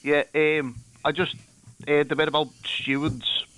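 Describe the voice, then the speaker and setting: A man's voice: fairly high pitch, little pitch movement, unhurried, a bit bright. A man calling a radio phone-in, speaking hesitantly with many fillers. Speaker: caller. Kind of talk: casual phone-in call.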